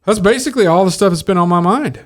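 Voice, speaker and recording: A man's voice: high-pitched, quick pace. A man co-hosting a podcast in casual chat, teasing the others with jokes. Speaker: podcast co-host.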